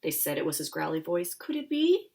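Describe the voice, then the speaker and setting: A woman's voice: lowish voice, sing-song, a little fast, gravelly, warm tone, rough recording. A woman, the book's author, reading her rhyming children's picture book aloud with playful asides. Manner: sing-song rhyming storytelling, playful asides.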